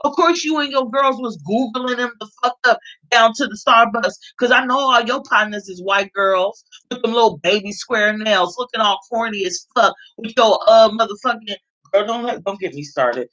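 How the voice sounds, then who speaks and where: A woman from California with a slightly high voice delivers a blunt, profanity-laced commentary rant. She hammers her points home by saying them again and again. The recording sounds dull and lo-fi. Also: normal speed, fairly bright tone. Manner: blunt, heavily profane, repeats herself for emphasis. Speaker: vlogger.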